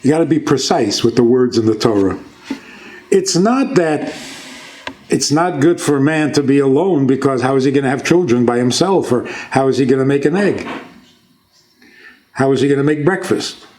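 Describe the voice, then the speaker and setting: A man's voice: mid-range voice, animated, moderate pace, a little mellow, a little hiss or hum. A man who is a rabbi, giving an informal talk on scripture, asking his audience questions and joking along the way. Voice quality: conversational, asks the audience questions and jokes.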